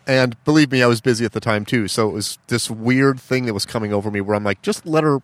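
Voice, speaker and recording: A man's voice: mid-range voice, fast, no room sound. A man co-hosting a podcast, casually telling a story and acting out both sides of a phone call. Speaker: podcast co-host.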